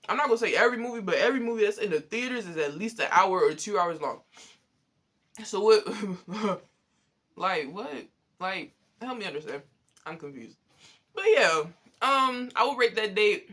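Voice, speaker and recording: A young man telling a story in a casual, animated, profane way, exasperated and often laughing. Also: high voice, moderate pace. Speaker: vlogger.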